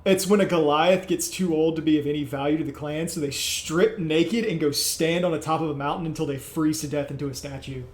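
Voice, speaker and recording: A man playing a character in a tabletop game, animated and sometimes shouting his character's lines. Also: on the high side, fairly quick, hardly any pauses, echoey room. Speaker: player.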